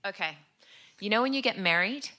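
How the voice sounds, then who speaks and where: A woman on a comedy panel, telling a long comic story in a rapid, deadpan way. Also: mid-range voice, heavy background noise. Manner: rapid deadpan riffing, acting out voices in her story.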